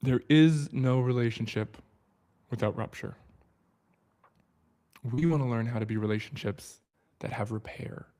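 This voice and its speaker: A man hosts a livestream book study, speaking earnestly and reflectively and often sinking into a soft, low voice. He's unhurried and leaves long pauses.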